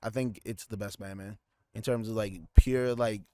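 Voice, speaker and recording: A man's voice: on the low side, steady tone, normal speed, a little mellow, clean tone, no echo, clean studio sound. A man co-hosting a casual podcast, rambling with lots of restarts and fillers. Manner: rambling, many restarts and fillers, slips into goofy put-on voices. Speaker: podcast co-host. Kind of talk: casual chat.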